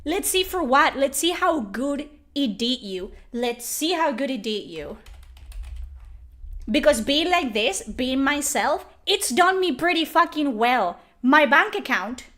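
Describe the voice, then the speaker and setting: A young woman vlogging from home, her voice high and cutting. She rants at her critics in a furious, profane stream, yelling at the camera. The tone stays bright and forceful throughout. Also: animated, slow pace. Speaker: YouTuber. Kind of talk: angry rant to camera.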